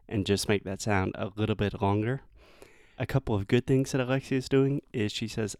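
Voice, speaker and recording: A man with a Southern US accent, an English teacher giving pronunciation feedback and slowly modelling the sounds. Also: fairly low pitch, fairly even intonation, a little mellow, clean tone, no echo, clean studio sound.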